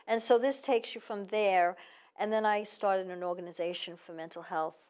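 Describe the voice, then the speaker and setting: A woman's voice: medium pitch, fairly even intonation, moderate pace, darkish tone, smooth. A woman author telling her personal story in an earnest, reflective way during an interview. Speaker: author guest. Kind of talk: casual interview.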